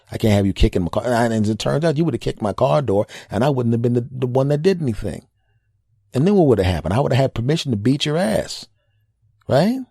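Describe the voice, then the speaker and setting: A man's voice: fairly low pitch, warm tone, no room sound, studio quality. A man hosting a podcast, telling stories in a casual comedic monologue and repeating phrases for emphasis. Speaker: podcast host.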